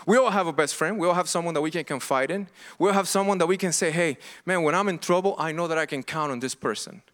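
A man's voice: fairly high pitch, quick pace, a bit bright. A middle-aged man preaching a sermon as pastor, earnest and impassioned, often restarting and repeating himself.

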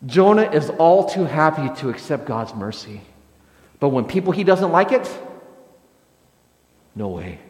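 Brief: casual, joking male pastor with a slightly high voice, preaching in a roomy, reverberant hall. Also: very animated, unhurried, pauses often. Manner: conversational, jokey, tags lines with "right?". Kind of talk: sermon. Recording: echoey hall with long reverb.

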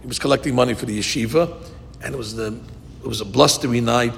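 A man's voice: quick pace, creaky. Man teaching a Talmud class in a hall. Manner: lively storyteller, rises to quote Hebrew verses. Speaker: Torah teacher. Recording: long reverb with faint rumble.

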